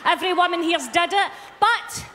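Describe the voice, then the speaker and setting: A middle-aged Glaswegian Scottish woman doing a brash live stand-up routine and shouting punchlines to a big crowd in an arena. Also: very high-pitched, normal speed. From Scotland. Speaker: stand-up comedian. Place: large arena, live charity concert. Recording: echoey arena with loud crowd.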